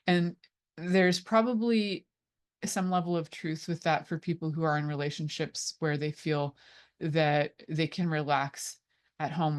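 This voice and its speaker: A woman with a notably low voice hosts a radio talk show as an intimacy coach. She chats casually and playfully, wandering off on tangents and filling pauses with "um" and "like.". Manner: chatty and playful, with frequent fillers.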